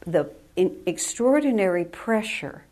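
A woman's voice: medium pitch, lively intonation, measured pace, warm tone. A woman, a spiritual teacher, giving a reflective talk and telling personal stories with emphasis. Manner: storytelling, emphatic and reflective, with laughs.

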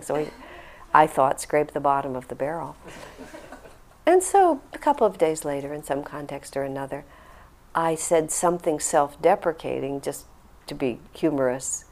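A woman's voice: low voice, expressive, normal speed, darkish tone, a little hiss or hum. An older woman, a spiritual teacher, talking to a group and telling an earnest, reflective story with acted-out quotes. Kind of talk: talk to a group, answering a question.

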